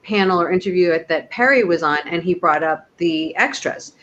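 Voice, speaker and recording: A woman's voice: on the low side, normal speed, a bit bright, a little hiss or hum. A woman co-hosting a casual chat show, talking enthusiastically and personally. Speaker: co-host. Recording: dull lo-fi audio.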